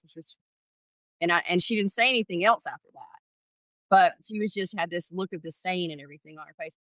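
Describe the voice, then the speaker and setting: A former ER paramedic, this middle-aged Georgia woman guests on a podcast for a storytelling interview, sharing candid stories and acting out conversations with animation. She talks fairly quickly in a lowish, fairly bright voice. No echo is present, but the recording quality is low.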